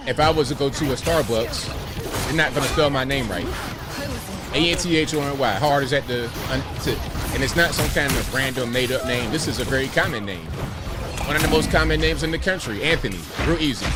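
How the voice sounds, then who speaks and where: A man in his forties from Virginia, hosting a livestream, telling stories and asking rhetorical questions in a wry, repetitive way. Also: mid-range voice. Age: 40s. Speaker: livestream host. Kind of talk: casual chat with a stream chat. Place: home room with bookshelves. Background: game music.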